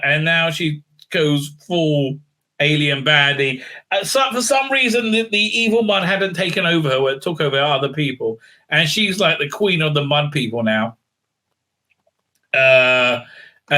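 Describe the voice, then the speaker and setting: A man's voice: a little high, sharp tone. A man giving a casual, sarcastic recap and review in a rambling way, with many filler sounds. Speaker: video reviewer.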